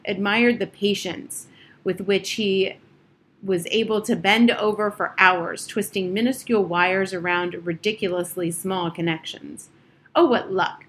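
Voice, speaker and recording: A woman's voice: mid-range voice, a little hiss or hum. Woman narrating an audiobook steadily. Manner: measured, steady storytelling.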